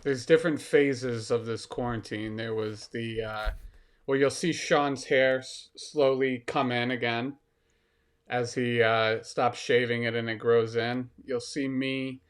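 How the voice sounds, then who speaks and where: A male comedian co-hosting a casual podcast, rambling along with plenty of swearing. He pokes fun at himself and keeps slipping into laughter as he talks. His pitch sits in an ordinary middle range. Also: steady tone, a little slow, clean tone. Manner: rambling, profane and self-mocking, often breaking into laughter.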